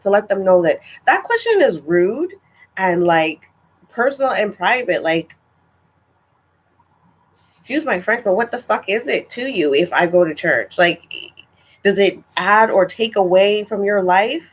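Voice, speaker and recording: A woman's voice: mid-range voice, animated, unhurried, husky, lo-fi sound. A young woman telling a story in a casual vlog, chatty and exasperated, with lots of filler words. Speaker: vlogger.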